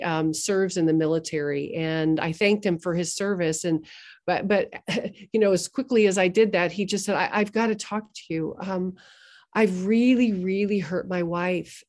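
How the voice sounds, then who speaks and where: A woman guest on a podcast, telling a story in an earnest, measured way with pauses. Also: medium pitch. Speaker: guest therapist. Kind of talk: podcast interview.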